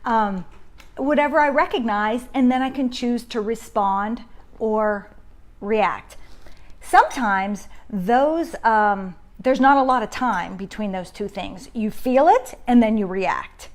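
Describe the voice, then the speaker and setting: A woman's voice: fairly high pitch, expressive, slow pace. A middle-aged woman hosting a parenting live stream from home on her phone, talking conversationally and greeting viewers by name as she teaches. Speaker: parenting group host. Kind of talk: casual live-stream talk.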